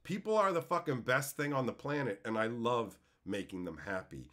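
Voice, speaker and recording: A man streaming live, chatting casually with his viewers in a loose, profane way that breaks into loud exclaiming. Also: medium pitch, lively intonation, moderate pace. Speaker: streamer answering chat.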